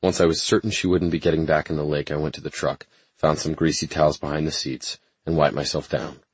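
A man with an extremely deep, husky voice reads a first-person romance audiobook. His delivery is measured, brooding and intense. The recording is close and completely dry. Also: little pitch movement, dry recording. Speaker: audiobook narrator.

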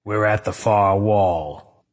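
A man's voice: lowish voice, fairly even intonation, slow pace, long reverb tail. A man voicing a tough, blunt male police officer who gives curt orders and swears freely. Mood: commanding.

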